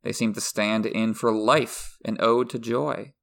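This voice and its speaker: A man co-hosting a podcast, reading prepared literary analysis in a measured way. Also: medium pitch, steady tone, gravelly, fairly bright tone. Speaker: podcast co-host.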